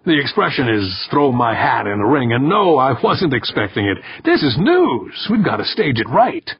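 A man reading the part of an eager, bossy video producer, brisk and excitable. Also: medium pitch, breathy edge, no echo, pitched above the performer's own voice, heavily acted. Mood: excited. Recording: dull, dry, slightly muffled recording.

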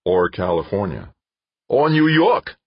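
Narrator doing a pushy, excitable PR man, pitched well above his own husky voice, lively swings, dull lo-fi sound. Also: measured pace, no echo, heavily acted. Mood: persuasive. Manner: wheedling, insistent, excitable. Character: eager crafty male PR director. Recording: dull lo-fi dry recording.

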